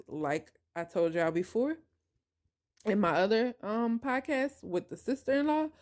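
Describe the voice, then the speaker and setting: Emphatic woman telling a personal story. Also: mid-range voice. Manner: emphatic, animated, addresses listeners directly. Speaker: podcast host.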